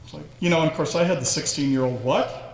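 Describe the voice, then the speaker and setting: A man's voice: fairly high pitch, quick pace, vocal fry, slight background noise. A man in his sixties giving a humorous, self-deprecating induction speech full of stories. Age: 60s. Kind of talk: storytelling speech. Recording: echoey hall with faint ambience.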